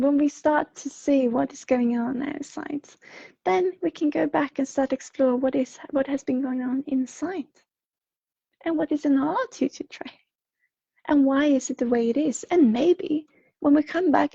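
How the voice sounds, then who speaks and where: A woman with a Swedish accent speaking on a livestream, slightly unwell, talking gently and rambling with many fillers and soft laughs. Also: sits high, normal speed, vocal fry, dry recording, dull audio. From Sweden. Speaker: intuitive reader on a livestream. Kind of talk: livestream message reading and chat. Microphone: home streaming microphone.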